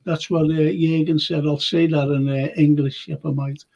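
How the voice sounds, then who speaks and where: A man's voice: a little high, flat delivery, normal speed, vocal fry, darkish tone, highs cut off. A man hosting a casual live fan show, reading viewer comments aloud in a jokey way. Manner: jokey, reads comments aloud, slips into playful impressions.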